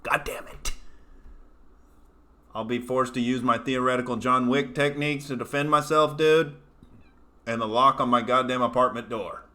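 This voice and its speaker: Sarcastic comedian host from Oklahoma. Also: male voice, medium pitch, fairly even intonation, moderate pace, long pauses, bright, forceful tone. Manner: sarcastic, self-mocking, swearing freely. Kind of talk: casual livestream commentary. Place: home studio apartment.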